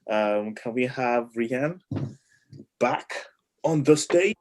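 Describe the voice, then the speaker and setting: A man's voice: medium pitch, animated, slow, a little mellow, poor audio. A man hosting an online open mic, talking casually and hesitantly over a video call. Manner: hesitant, with many ums.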